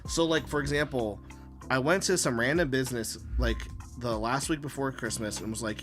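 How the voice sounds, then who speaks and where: A man's voice: mid-range voice, moderate pace, soft background music. Rambling, profane male live streamer. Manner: rambling and profane, with many fillers; animated storytelling, acting out his own quotes. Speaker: live-stream host and comic artist. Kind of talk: casual live-stream chat while drawing.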